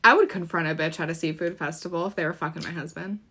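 A woman's voice: lowish voice, fairly even intonation, quick pace, bright, forceful tone, slightly rough. A young woman from Florida co-hosting a true crime podcast, chatting casually in a blunt, profane way and often laughing. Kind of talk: casual chat.

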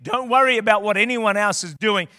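A man preaching a sermon in a church, impassioned and building to shouted declarations. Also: high-pitched, brisk, no echo, in a large hall. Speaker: guest preacher. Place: church auditorium.

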